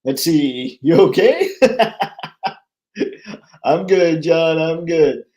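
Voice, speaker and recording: An upbeat man with a slightly high voice hosts a casual live stream and chats with viewers. His talk is jokey and chatty. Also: animated, very slow, warm tone. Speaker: host of a toy collecting live stream.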